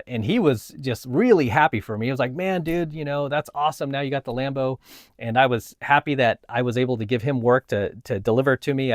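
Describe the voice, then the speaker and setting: A man's voice: medium pitch, dry recording, clean studio sound. A man, a coach and vlogger, telling a personal story in a casual monologue, emphatic and repeating himself. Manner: emphatic, repeats himself, asks "right?" often.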